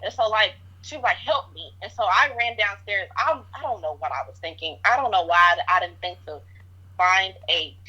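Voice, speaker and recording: A woman's voice: medium pitch, normal speed, pushed and bright, slightly rough. A woman telling a story in a casual interview, rambling with lots of fillers. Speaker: interviewee recounting events. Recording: dull lo-fi audio.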